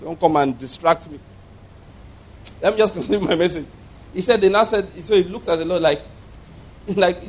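A man's voice: sits high, normal speed, long pauses. A man preaching a sermon, telling a story with frequent chuckles and repeated words.

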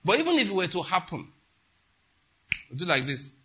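A man delivers an emphatic sermon, often checking whether his listeners are following. His voice sits a little high and sounds very bright and cutting. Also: wildly swooping pitch, moderate pace, husky. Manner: emphatic, asks the congregation questions. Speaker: preacher.

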